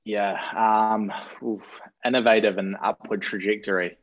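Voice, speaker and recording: A man with a lowish voice answers interview questions in a relaxed, self-deprecating way, thinking out loud as he goes. The recording is dull and lo-fi. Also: normal speed. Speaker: rugby performance director. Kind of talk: interview guest.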